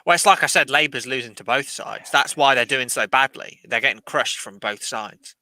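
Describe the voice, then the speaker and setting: A young man bantering on a livestream, loud, teasing and excitable. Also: mid-range voice, normal speed, dry recording.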